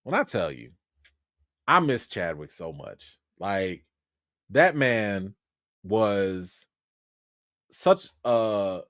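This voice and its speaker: A man's voice: on the low side, very slow, pauses often, no echo, studio quality. A man hosting a casual movie news livestream, talking in a slangy, chatty way. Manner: animated, talks back to the listener, slangy.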